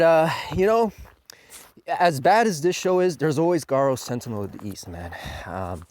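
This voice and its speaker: A man ranting in a casual video review, profane and mocking, breaking into high mocking quotes. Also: darkish tone. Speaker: show reviewer.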